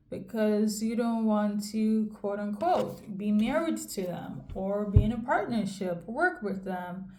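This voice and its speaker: A woman with a raised yet mellow voice gives a casual tarot reading. She rambles in a fairly monotone way, keeps checking in with the listener, and sounds as if she is in an echoey room. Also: on the high side, a little hiss or hum. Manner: monotone delivery. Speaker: tarot reader.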